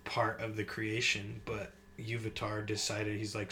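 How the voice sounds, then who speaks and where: Rambling male podcast host, lower voice. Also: a little slow, a little hiss or hum, poor audio. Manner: rambling, many fillers, animated impressions. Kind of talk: casual podcast chat.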